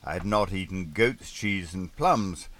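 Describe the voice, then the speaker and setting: A man with a very low voice narrates an audiobook memoir. His tone is bright and forceful, and he delivers the narration with dry, wry understatement. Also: unhurried.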